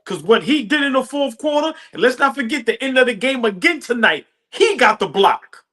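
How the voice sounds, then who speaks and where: A man co-hosting a sports podcast, celebrating a win with boastful, animated talk and frequent laughter. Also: extremely high pitch, normal speed. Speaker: podcast co-host. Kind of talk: excited post-game sports talk.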